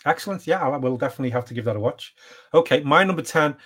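A man's voice: mid-range voice, animated, very fast, fairly bright tone. Middle-aged guy podcasting about movies, rambly, lots of uh and restarts. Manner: rambling, hesitant with fillers and restarts. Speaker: podcast co-host. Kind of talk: casual chat.

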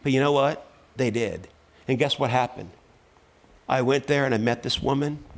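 A middle-aged man preaching a sermon in a church, telling stories and building up to loud, fervent exhortation. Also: mid-range voice, moderate pace. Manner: storytelling, voice rising to loud preaching. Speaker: pastor.

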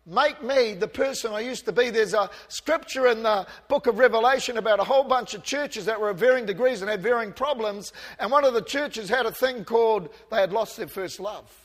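A man with a high voice preaches a passionate sermon in a church. His voice swings from quiet, almost murmured asides to loud calls, with a light self-mocking humour. A long reverb trails every phrase. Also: fairly quick, hardly any pauses. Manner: self-deprecating humour with the congregation. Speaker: pastor.

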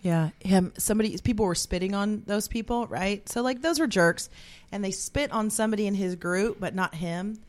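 A woman's voice: mid-range voice, moderate pace. A woman from Texas co-hosting a podcast, telling stories in casual chat. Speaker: podcast co-host.

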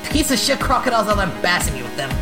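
A woman voicing a sardonic, irritable teenage boy, reading a webcomic aloud in roles with flat, swearing sarcasm. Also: mid-range voice, rapid-fire, over loud music, voice pushed up.

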